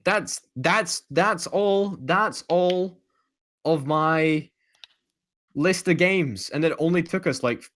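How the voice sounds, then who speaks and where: A man's voice: on the high side, takes it slowly, a bit bright. A man co-hosting a gaming podcast in casual chat, stammering and repeating words as he protests.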